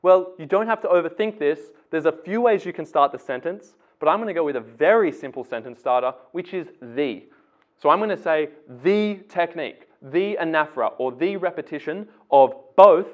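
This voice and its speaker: A man walks through essay writing in a casual, step-by-step teaching manner. His voice sits a little high. The sound is thin and tinny, like a phone line. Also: lively intonation, fairly quick. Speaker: English tutor.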